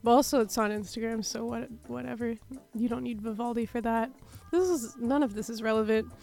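A woman's voice: on the high side, steady tone, fairly quick, creaky, darkish tone. A woman co-hosting a morning radio show, talking in an amused, rambling, self-aware way. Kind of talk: casual morning radio chat. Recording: studio radio with music bed.

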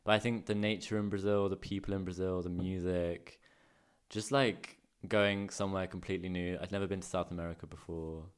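Deep-voiced man co-hosting a podcast, laid-back and searching for words. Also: fairly even intonation, fairly quick, clean tone. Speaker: podcast co-host. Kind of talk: casual chat. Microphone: podcast microphone.

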